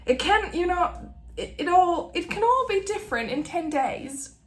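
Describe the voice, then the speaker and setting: A woman in her late thirties, an author giving a candid personal update to camera, halting and apologetic, often breaking off mid-sentence and laughing through tears. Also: very high-pitched, lively intonation, echoey room. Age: late 30s. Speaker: author vlogger. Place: at her desk, in a roomy room.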